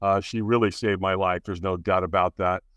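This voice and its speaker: A man's voice: low-pitched, steady tone, moderate pace, fairly bright tone, clean tone, no echo. A man in his sixties, a podcast guest, frankly and earnestly recounting his life, with fillers, restarts and acted-out quotes. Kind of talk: candid personal storytelling in an interview.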